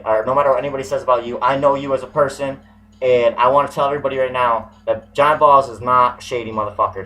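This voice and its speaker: A man's voice: mid-range voice, a bit bright, poor audio. A young man ranting profanely into the camera in a vlog, swearing heavily and switching between anger and praise for a friend. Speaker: vlogger.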